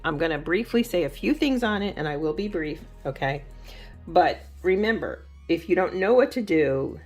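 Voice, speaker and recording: Low-voiced woman chatting about journaling. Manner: chatty, warm-hearted, rambling asides with fillers. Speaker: journaling channel host. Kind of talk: casual craft vlog chat.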